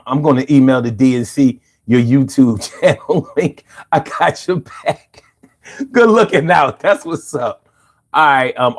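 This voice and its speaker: A man hosting a livestream podcast, chatting casually and reading viewer comments with loose, profane banter. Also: sits high.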